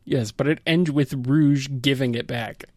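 A man's voice: mid-range voice, a little slow, no echo, studio quality. A man co-hosting a casual podcast, reading listener questions aloud and giggling often.

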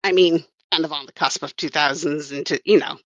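A woman's voice: low-pitched, fairly even intonation, brisk, no echo, highs cut off. A woman who worked as a comics writer and colorist, chatting casually on a podcast and rambling with wry self-corrections.

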